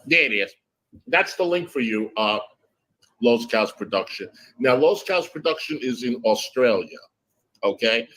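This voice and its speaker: A woman's voice: very deep voice, lively intonation, a little slow, a bit bright, poor audio. A woman hosting a gossip livestream, chatting casually in a sassy way and calling people honey and darling. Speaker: livestream host.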